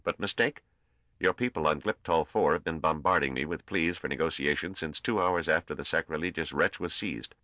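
A man reading an audiobook voices a small, scornful old male ruler who speaks in a curt, squeaky, coldly formal manner. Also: fairly quick, pushed and bright, dry recording, highs cut off. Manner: snapping, intoning, coldly formal. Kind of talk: audiobook character voice.

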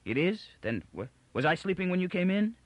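A man's voice: high-pitched, sing-song, a little fast, no room sound, voice pushed up. A man voicing a frail, aging male psychologist who talks in a peevish, insistent way. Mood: confused.

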